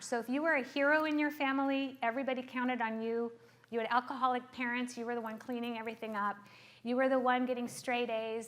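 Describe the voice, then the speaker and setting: A middle-aged woman therapist giving a lively workshop talk, acting out quoted voices and checking in with "okay?". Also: fairly high pitch. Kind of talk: workshop talk to a live group.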